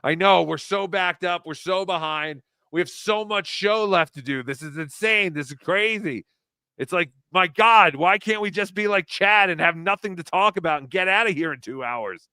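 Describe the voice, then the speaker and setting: A man hosting a casual live stream, rambling and animated as he reads out viewer tips. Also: high-pitched, normal speed, clean tone, no echo, clean studio sound. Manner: rambling, animated, swears freely. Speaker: host.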